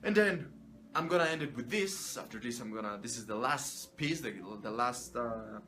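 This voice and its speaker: A man's voice: mid-range voice, expressive, normal speed, pushed and bright, a little hiss or hum. Profane, emphatic man giving motivational talk. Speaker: motivational speaker. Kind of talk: motivational monologue.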